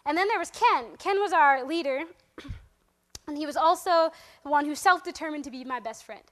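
A young woman casually telling a personal faith story to a group, acting out what people said with lively, laughing asides. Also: high voice, moderate pace. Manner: animated, acts out quotes in a raised voice, laughs often. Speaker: speaker sharing a testimony.

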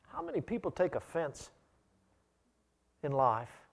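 A man with a fairly high voice preaches a sermon, his pitch swooping wildly as he speaks a little slowly with vocal fry. He tells personal stories in an emphatic, conversational style, often repeating himself. His accent is non-local and not Australian.

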